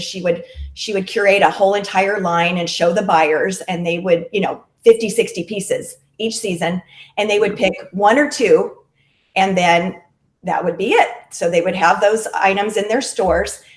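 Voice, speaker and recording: A woman's voice: medium pitch, steady tone, moderate pace. A middle-aged woman, a direct-sales clothing stylist, chatting casually in an interview with lots of fillers. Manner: chatty and friendly, with frequent fillers. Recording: roomy echo.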